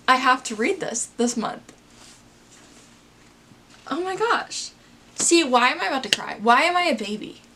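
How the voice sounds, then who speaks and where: A woman's voice: sits high, pushed and bright, slight background noise. A woman in her twenties talking casually to camera as a book vlogger, chatty and self-deprecating with rambling asides. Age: 20s. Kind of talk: casual chat.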